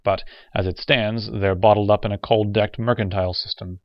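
A male narrator plays a harsh, coldly mocking outsider in a storybook reading, his voice low and dry. The recording sounds dull. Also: steady tone, moderate pace, dry recording, natural voice. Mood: grim. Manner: harsh, cold, sardonic. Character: bitter, sardonic off-world man.

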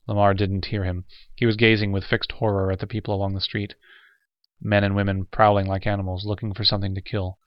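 A man narrating an audiobook in a steady, measured reading. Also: lowish voice, vocal fry, dry recording. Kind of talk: scripted narration. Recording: dull lo-fi recording.

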